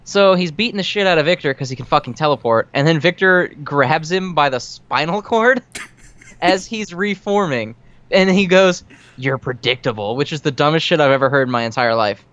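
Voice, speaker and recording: Male podcast co-host, higher voice, smooth and resonant, profane sarcastic recaps; dull, dry lo-fi mic. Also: animated, fairly bright tone. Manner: rapid, profane plot-recapping with sarcastic asides. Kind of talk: casual movie recap chat.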